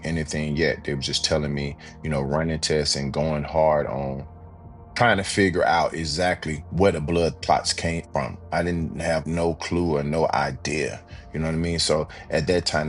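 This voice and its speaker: A man with a strikingly deep voice tells his own story as an interview guest. He talks casually and animatedly, often saying "you know what I mean" and acting out other people's lines. Faint music plays underneath. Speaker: podcast guest.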